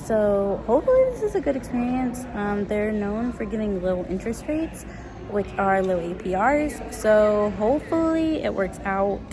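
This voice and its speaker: A woman's voice: mid-range voice, normal speed, a crowd in the background. A young woman vlogging casually to her phone while car shopping, chatty and a little tired, saying "like" and "guys" often. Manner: chatty, excited, lots of "like" and "guys". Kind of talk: casual vlog to camera. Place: car dealership lots and showrooms. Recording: phone video with loud background noise. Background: kids playing and people talking.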